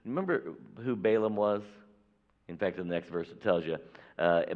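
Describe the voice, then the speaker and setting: A man's voice: lowish voice, lively intonation, brisk. A man preaching a sermon from a church pulpit, talking emphatically and acting out the people in a Bible story. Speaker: pastor. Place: church sanctuary. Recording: echoey hall, dull lo-fi audio.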